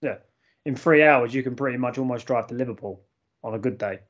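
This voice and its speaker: A man's voice: mid-range voice, fairly quick. A young man, chatting casually as a podcast co-host, blunt and full of swearing. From London. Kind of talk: casual chat. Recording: dull lo-fi audio.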